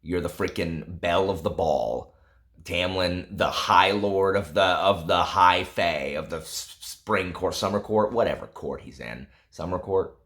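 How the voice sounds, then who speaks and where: A young adult man who vlogs about books chats casually while reacting to a novel, letting out exasperated laughs and dramatic reading asides. His voice is low-pitched and a bit bright, and he speaks a little slowly.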